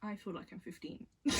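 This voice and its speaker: For her casual vlog, a book vlogger reads a novel aloud, stumbling over lines and breaking off to chat and giggle. Her voice is mid-range and husky.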